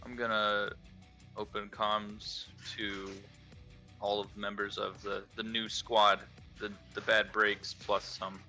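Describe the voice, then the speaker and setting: A man's voice: lowish voice, level tone, slow pace, sharp tone. A man playing a tabletop game, casual and swearing freely. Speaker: player. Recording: faint music underneath.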